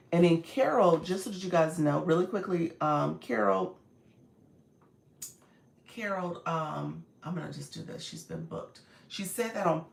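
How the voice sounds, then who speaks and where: Raspy-voiced woman hosting a live stream. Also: low voice. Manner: warm, encouraging, greets viewers often. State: voice a little strained. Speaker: live-stream host and coach. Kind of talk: casual live-stream chat. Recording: echoey room.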